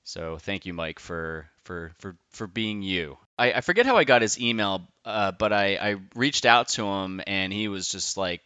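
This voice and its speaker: Podcast host, man, deep and crisp, loose rambling delivery with casual swearing, dry close sound. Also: lively intonation, normal speed, hardly any pauses, bright, forceful tone, dry recording. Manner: loose, enthusiastic, swears freely, rambling asides. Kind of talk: casual podcast intro monologue.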